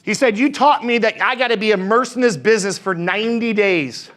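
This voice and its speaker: A man's voice: high voice, a little fast, fairly bright tone. A man training salespeople, telling stories with energy and asking his audience questions. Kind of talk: motivational talk with stories.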